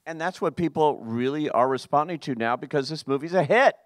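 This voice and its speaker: Smooth-voiced male moderator. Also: fairly high pitch, brisk, dry recording. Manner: easy, conversational prompting. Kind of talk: interview questions to a live audience.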